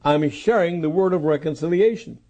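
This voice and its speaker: An older man preaching a sermon, emphatic and repetitive, dropping to low, quiet phrases and then rising to loud calls. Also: brisk. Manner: emphatic, repeats key phrases, swings between soft lows and loud calls.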